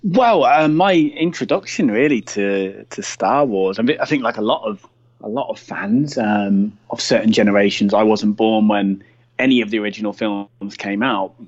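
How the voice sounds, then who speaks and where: Low-voiced man on dull remote audio. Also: normal speed. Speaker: interview guest, filmmaker. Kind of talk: interview answer.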